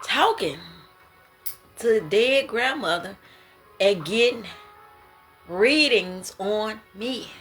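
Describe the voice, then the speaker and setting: A woman speaks in an unhurried, drawn-out way, her voice bright and forward. She is sharing her dreams as a casual monologue, exclaiming and laughing often in slangy, emphatic talk. Soft music plays faintly behind her. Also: medium pitch, lively intonation. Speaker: creator sharing prophetic dreams.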